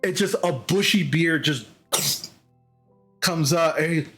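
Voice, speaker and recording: A man narrating as game master in a tabletop game, halting and repeating words as he goes. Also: fairly high pitch, fairly bright tone, faint music behind.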